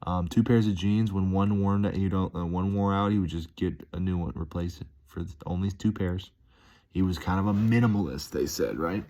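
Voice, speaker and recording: Deep-voiced man rambling upbeat vlog. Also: normal speed, dark tone. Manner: rambling, chuckling, playful and enthusiastic. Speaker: vlogger. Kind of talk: casual upbeat monologue to camera.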